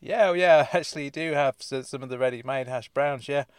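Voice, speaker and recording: A man's voice: mid-range voice, fairly even intonation, fast, clear, resonant tone, dry recording. Rambling podcast host, man. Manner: rambling, hesitant, many restarts. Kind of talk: casual comedy podcast chat.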